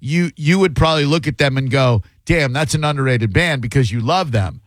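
A man's voice: mid-range voice, brisk, no echo. A man hosting a radio call-in show, chatting casually with a wry, opinionated manner and long riffs.

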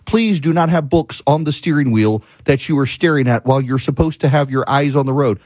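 A man's voice: mid-range voice, brisk, darkish tone, dry recording. A man hosting a show, telling a story in a casual monologue and ranting with exasperation. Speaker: talk show host.

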